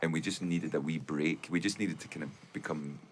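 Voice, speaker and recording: A middle-aged Scottish man in a band, telling stories in a relaxed interview and laughing easily. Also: a bass voice, fairly quick, slight background noise. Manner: chatty storyteller, laughs easily. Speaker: band member, singer and guitarist. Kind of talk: casual interview chat.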